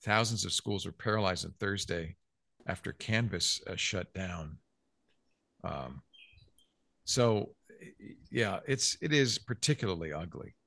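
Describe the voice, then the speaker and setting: A man's voice: sits low, animated, unhurried, creaky, pushed and bright, no room sound. A man hosting a casual tech news chat, reading out news quotes with jokey asides. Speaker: podcast host.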